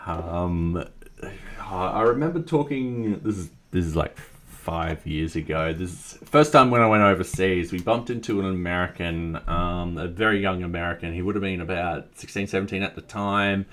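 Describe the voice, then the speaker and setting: This deep-voiced Australian man talks at a normal speed with a slightly bright tone. He's coding on a live stream, thinking aloud in a chatty, self-deprecating way and reading chat messages out loud.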